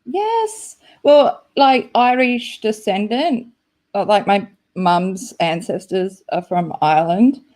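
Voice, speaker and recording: Slow, rambling woman streamer. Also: mid-range voice, lively intonation, a little mellow. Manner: rambling, giggly, full of "like" fillers. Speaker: live-stream host. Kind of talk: casual live-stream chat.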